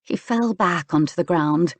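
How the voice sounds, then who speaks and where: A woman narrating a romance audiobook in an even storytelling manner. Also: fairly low pitch, measured pace, dry recording. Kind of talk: scripted narration.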